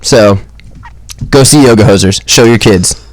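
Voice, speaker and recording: A young man co-hosting a podcast, talking about films in an animated, rambling way with lots of restarts. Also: on the low side, measured pace, no room sound. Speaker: podcast co-host. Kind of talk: casual movie chat.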